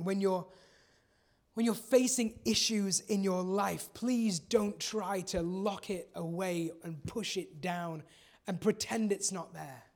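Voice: mid-range voice, a little mellow. A preacher giving a sermon in an earnest, conversational way, repeating key phrases for emphasis.

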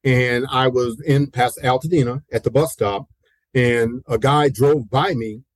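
A man's voice: mid-range voice, a little slow, no room sound, rough recording. A pastor of around sixty, a man, telling personal stories in an interview, acting out the voices he quotes, laughing often and repeating "you know". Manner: animated, acts out quoted voices, laughs often mid-story; repeats himself, peppers talk with "you know". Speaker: pastor and guest. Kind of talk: storytelling in a conversational interview.

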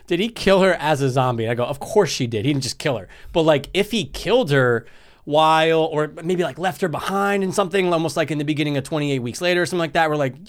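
A man's voice: on the high side, fast talker. A man co-hosting a podcast, chatting casually and joking with some profanity about a movie. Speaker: podcast co-host. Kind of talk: casual movie review chat.

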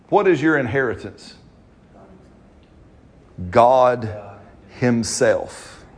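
A man's voice: medium pitch, lively intonation. A man preaching a sermon in church, stretching out scripture lines and punctuating them with amens. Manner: fervent preaching, slow drawn-out stress on scripture, frequent amens. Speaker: pastor. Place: church service.

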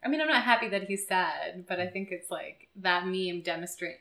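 A woman's voice: on the low side, vocal fry, bright, forceful tone. Playful woman podcast co-host, roomy sound. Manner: playful, giggly, quick to joke. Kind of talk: casual chat. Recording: roomy echo.

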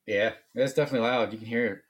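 A man co-hosting a podcast, chatting in a relaxed, agreeable and joking way. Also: mid-range voice, very fast. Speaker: podcast co-host. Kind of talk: casual chat.

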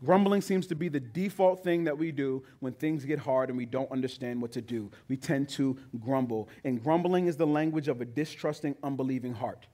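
A male pastor preaching a sermon with emphatic delivery that builds to loud, high peaks. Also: normal speed, hardly any pauses.

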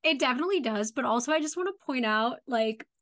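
A woman with a fairly high voice talks through a TV episode with her co-host. She is casual and effusive, with plenty of "like" fillers. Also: animated, fast, a bit bright. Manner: chatty and effusive, many "like" fillers. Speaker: podcast co-host. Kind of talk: casual TV episode recap chat.

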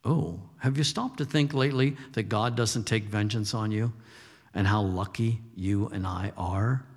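A man's voice: fairly low pitch, a little slow, in a large hall. An older man preaching a sermon as a pastor, moving between fired-up exhortation and folksy storytelling.

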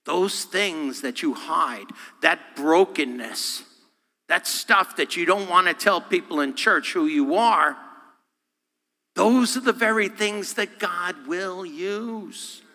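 A man, a guest speaker, preaching a sermon with animated, humorous delivery, acting out voices and quotes. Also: high voice, slow pace. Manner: humorous, self-deprecating. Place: church sanctuary. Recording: long hall reverb.

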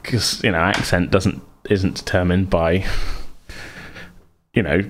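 Low-voiced hesitant male podcast host. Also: fairly even intonation, takes it slowly, slight background noise. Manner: hesitant, many restarts and fillers. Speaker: podcast co-host and game master. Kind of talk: casual chat about worldbuilding for a tabletop game.

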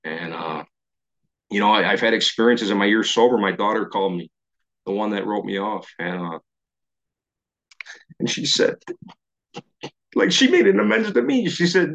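A man's voice: on the low side, sing-song, normal speed, creaky, long pauses, a bit bright. A middle-aged man from New York shares his recovery story over a video call. He acts out his old thoughts and chuckles at himself as he goes. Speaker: recovery meeting speaker. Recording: slightly dull video-call audio.

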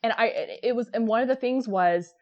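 A woman's voice: on the high side, a little fast, dull audio. A woman in her thirties co-hosting a podcast, chatting casually with lots of fillers and laughs. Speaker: podcast co-host. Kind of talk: casual chat.

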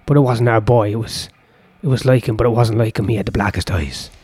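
A man's voice: on the low side, steady tone, brisk, a little mellow, breathy edge, no echo. A man voicing a nervy grieving farm wife. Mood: distraught.

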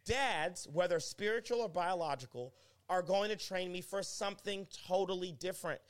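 A young man, a pastor, talking as a guest in a casual conversation and telling stories emphatically. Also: normal speed. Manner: animated, emphatic storytelling with pitch swings.

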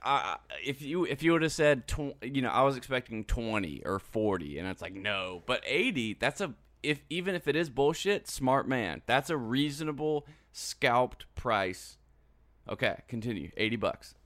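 A man's voice: medium pitch, sing-song, normal speed, fairly bright tone, no room sound, clean studio sound. A man co-hosting a podcast in casual chat, bantering with short reactions and jokes. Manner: joking banter, short reactions, calls friend bro. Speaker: podcast co-host.

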